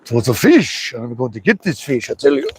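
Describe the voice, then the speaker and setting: A man of ordinary pitch chats his way through a fishing trip outdoors by a river. He mutters to himself and coaxes the fish in a loose, rambling livestream manner. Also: sing-song, a little fast, darkish tone, slight background noise. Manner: chatty, talks to himself and the fish. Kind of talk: casual live commentary while fishing.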